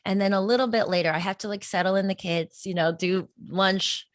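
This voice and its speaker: A woman's voice: medium pitch, fairly even intonation, brisk, no echo, clean studio sound. A woman speaking as a podcast guest and meditation teacher, talking earnestly in a flowing way and often breaking into laughs. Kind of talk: casual interview talk.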